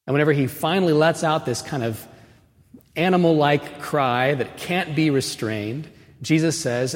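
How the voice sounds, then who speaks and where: A man giving a homily at Mass, telling the story casually with lots of "right?" asides and pushing louder and higher when he stresses a point. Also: animated, moderate pace. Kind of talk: conversational sermon. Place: church. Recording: long reverb of a church.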